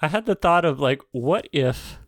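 A woman's voice: deep voice, lively intonation, moderate pace, dry recording, studio quality. A woman in casual chat, dropping wry joking asides about a movie.

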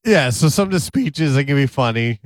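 A man's voice: mid-range voice, lively intonation, a little fast, dry recording, studio quality. A man co-hosting a podcast, chatting casually in an amused, easygoing way. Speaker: podcast co-host. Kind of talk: casual chat.

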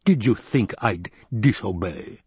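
A man reading an audiobook and voicing a scheming, gluttonous baron, speaking slowly and coldly. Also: lively intonation, mellow, breathy edge, dry recording, heavily acted. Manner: slow, low, cold and calculating. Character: scheming, gluttonous male baron, cold and wary.

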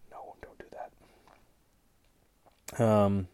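Talking very slowly in a slightly mellow voice, a stuffy-nosed podcast host works through his fight picks on a casual solo show. He rambles, jokes on the side, and trips over names.

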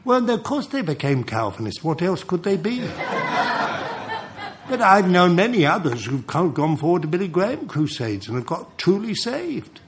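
An older man preaching a sermon, telling stories in an animated way and chuckling between points. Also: high-pitched, normal speed, a little hiss or hum. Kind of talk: sermon with storytelling.

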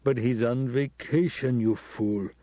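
Man doing a curt middle-aged ambassador, demanding, dark husky voice, muffled cassette audio. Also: mid-range voice, steady tone, a little slow, no room sound, natural voice. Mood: irritable. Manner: brusque, demanding, irritable.

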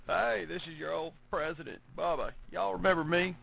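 Man impersonating a folksy old Southern president, high gravelly drawl, sly and chummy, dull lo-fi sound. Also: fairly even intonation, normal speed. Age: older. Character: folksy older male ex-president impression, joking.

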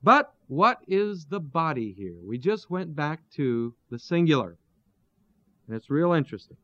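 A man teaching through a Bible passage verse by verse, pausing to explain terms and asking his listeners rhetorical questions. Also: on the high side, sing-song, a bit bright, no echo. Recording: dull, lo-fi dry recording.

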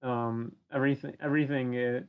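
A man's voice: mid-range voice, little pitch movement, brisk, clear, resonant tone, phone-quality sound. A man co-hosting a podcast, talking in a hesitant casual chat full of uhs and ums. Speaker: podcast co-host.

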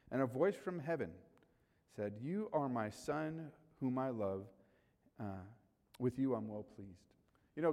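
A man preaching a sermon in a church, animated, swinging between loud calls and quiet asides, joking with the congregation. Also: on the high side. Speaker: pastor. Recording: hall reverb.

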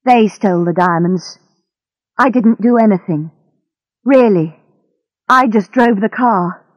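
A woman's voice: medium pitch, slow, no room sound, dull audio. A woman voicing a cowardly male henchman who stammers and pleads, in a storybook reading. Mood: pleading.

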